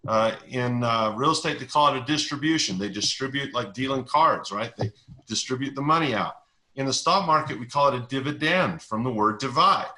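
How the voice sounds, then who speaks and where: A middle-aged man with a bright, forceful voice talks through investing ideas in a relaxed interview. He leans on everyday analogies and stories and repeats key words to drive them home. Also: medium pitch, fairly quick, slight background noise, low-quality recording. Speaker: investing educator, interview guest. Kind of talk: conversational explanation.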